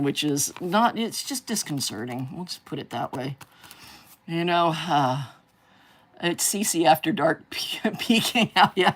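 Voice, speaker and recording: A low-pitched woman hosts a live crafting stream in a loose, chatty way. She rambles from one thought to the next and bursts into gushing exclamations over her work. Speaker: craft livestream host. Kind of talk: casual chat while crafting live.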